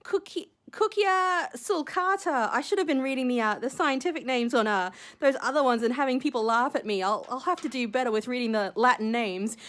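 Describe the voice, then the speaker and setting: A woman's voice: high-pitched, brisk, few pauses, fairly bright tone. A young woman unboxing seashells on her vlog, gushing and giddy, gasping with delight. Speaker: shell collector unboxing a gift.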